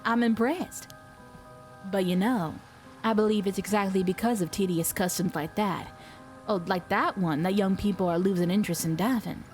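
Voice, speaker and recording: Woman reading as a brisk young island diver. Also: mid-range voice, a little mellow, faint music behind, close to an everyday voice. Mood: matter-of-fact. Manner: matter-of-fact, with a light put-on accent.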